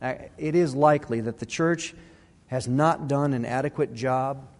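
A man's voice: mid-range voice, normal speed, in a large hall. A middle-aged man preaching a sermon, earnest and conversational, restarting his phrases as he talks. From Arizona. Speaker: pastor.

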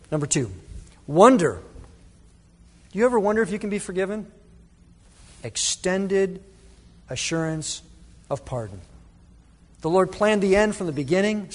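A man preaching a sermon as pastor, earnest, with dramatic pauses and quoted prayers. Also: high-pitched. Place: church sanctuary. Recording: long reverb of a church hall.

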